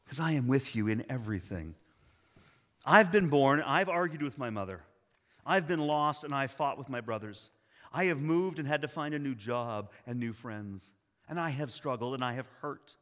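A man voicing Jesus, speaking slowly and deliberately with tenderness and authority. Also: medium pitch, a bit bright, natural voice. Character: Jesus, gentle but commanding man. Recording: long hall reverb.

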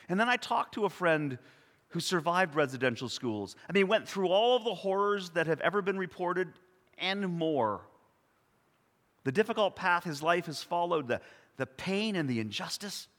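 A man in his sixties preaching a sermon, telling personal stories in an earnest, reflective way with soft pauses. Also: high-pitched, big-room sound. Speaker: pastor.

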